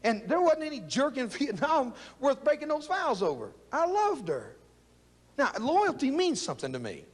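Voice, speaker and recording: A man's voice: very high-pitched, huge pitch swings, moderate pace. An older man, giving a folksy, joking motivational speech to young people about loyalty and his war years. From South Texas. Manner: folksy, jokey, fired-up preaching. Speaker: speaker telling his war story. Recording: long echo of a big hall.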